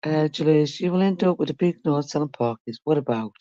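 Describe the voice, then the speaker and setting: A woman's voice: sits low, a little fast, dark tone, dry recording, dull audio. A woman talking casually and bluntly to her live-stream viewers, swearing freely.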